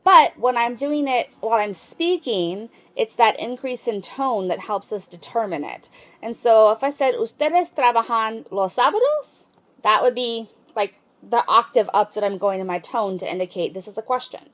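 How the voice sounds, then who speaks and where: A woman teaching a recorded Spanish grammar lesson, explaining step by step and lifting her pitch on the example questions. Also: normal speed, dull audio.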